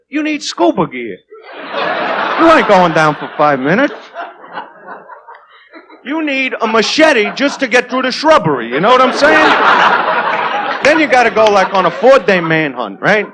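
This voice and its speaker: On a comedy club stage, a high-pitched, very animated comedian performs a crude, swaggering stand-up routine, speaking unhurriedly with frequent pauses and repeatedly asking the crowd "right?" The noisy audio comes from an old 1980s TV tape.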